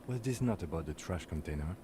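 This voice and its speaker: A man's voice: deep voice, quick pace. A man voicing a composed, formal police lieutenant in a video game. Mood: calm. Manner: calm, formal and dry. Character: composed, dry-witted male police lieutenant. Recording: game audio with faint noise.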